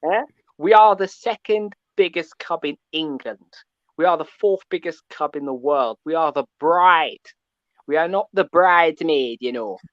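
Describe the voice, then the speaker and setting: A man calling in to a fan show, ranting in an animated, preachy way and often asking "yeah?". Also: on the high side, a little slow, no room sound, muffled recording. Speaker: caller. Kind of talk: call-in fan rant.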